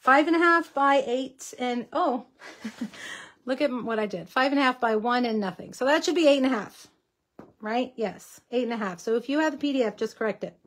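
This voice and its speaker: A woman's voice: sits high, moderate pace, a bit bright. Chatty woman hosting a craft livestream. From Texas. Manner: chatty, chats with viewers while crafting. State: slight cough. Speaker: host. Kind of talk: casual craft tutorial livestream.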